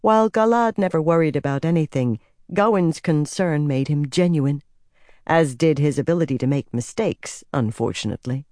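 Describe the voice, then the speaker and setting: An audiobook narrator reading a fantasy novel in a steady, even storytelling manner. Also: medium pitch, moderate pace, no room sound, clean studio sound.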